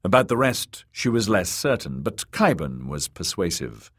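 A man narrating an audiobook in a measured, dramatic reading. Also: deep voice, very animated.

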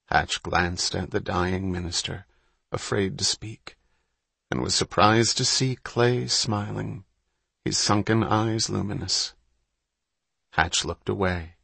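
A man reading an audiobook in a measured, unhurried storytelling manner. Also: low voice, creaky, sharp tone, slightly rough, no echo. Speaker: audiobook narrator. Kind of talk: scripted narration.

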